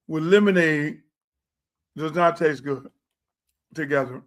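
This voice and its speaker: A man hosts a loose livestream chat and drifts from one thought to the next while eating. His voice sits fairly high for a man. He takes his time, with an unhurried, drawn-out delivery. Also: fairly bright tone. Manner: rambling and chatty, talking while eating. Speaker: show host.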